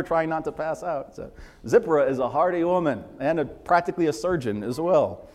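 A man preaching a sermon, his fairly high voice carrying a long reverb through a large church. He talks conversationally, mixing scripture with asides and light humor. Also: fairly quick, darkish tone. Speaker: pastor.

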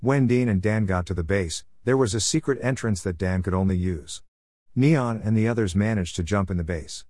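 A man reading out a homemade story in a plain, steady way. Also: on the low side, normal speed, no echo, studio quality.

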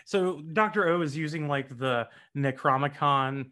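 A man co-hosting a podcast in casual chat, quick and jokey with many fillers. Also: on the high side, bright, forceful tone. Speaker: podcast co-host.

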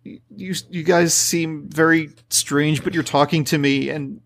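Timid spirit girl, voiced by a man: stammering, tearful, high. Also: steady tone, fairly bright tone. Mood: sad. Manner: halting, stammering, tearful pleading. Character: lonely, timid female shrine spirit.

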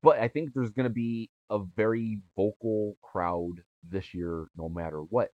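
Low-voiced rambling podcast co-host man. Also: a little slow, narrow, tinny audio. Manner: rambling, restarts sentences. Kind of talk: casual chat.

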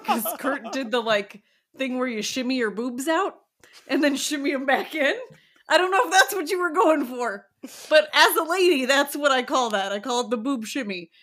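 Bright-voiced woman podcast co-host. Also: high-pitched, expressive, moderate pace. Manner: chatty, laughing, playful asides. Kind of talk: casual podcast chat.

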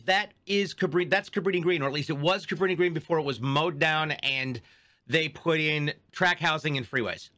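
A man's voice: a little high, brisk, sharp tone. A man co-hosting a podcast in casual chat, telling rambling stories. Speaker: podcast co-host.

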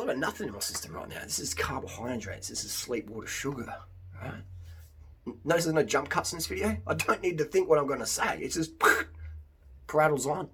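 Husky Australian man, animated rant. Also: fairly quick. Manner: animated, mimics others in high put-on voices. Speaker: vlogger. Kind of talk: unscripted monologue to camera.

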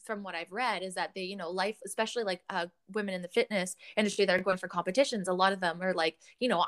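A woman's voice: mid-range voice, quick pace, few pauses, a bit bright. A woman in her thirties hosting a casual podcast chat, talkative, laughing often and swearing freely. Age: 30s. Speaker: podcast host.

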